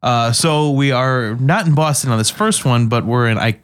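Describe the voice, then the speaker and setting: A man co-hosting a casual podcast, easygoing and quick to agree. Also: medium pitch, clean tone. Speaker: podcast co-host. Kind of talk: casual chat.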